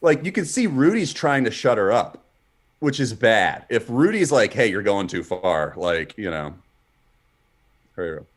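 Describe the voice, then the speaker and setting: A man's voice: medium pitch, big pitch swings, measured pace, pauses often. A man co-hosting a podcast, telling rambling, profane stories in casual chat, full of fillers and restarts. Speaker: podcast co-host. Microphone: streamed podcast mic.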